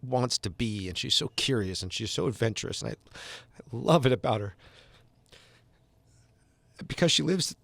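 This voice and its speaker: A man's voice: medium pitch, lively intonation, moderate pace, vocal fry, pauses often, fairly bright tone, no room sound. A man in his thirties co-hosting a podcast, talking in an earnest, emotional, gushing way. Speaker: podcast co-host. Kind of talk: casual chat.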